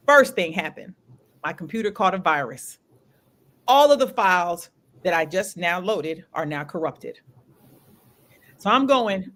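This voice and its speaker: A woman in casual conversation who tells her story with energy, swinging up and down as she goes. She repeats her phrases for emphasis and swears without a second thought. Her voice sits at a middle pitch. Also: animated, measured pace, long pauses, fairly bright tone. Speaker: show host.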